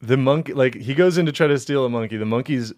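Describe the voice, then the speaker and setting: A man's voice: medium pitch, fast talker, darkish tone. A man in a casual comedic podcast chat who laughs a lot and reads news stories aloud with joking asides.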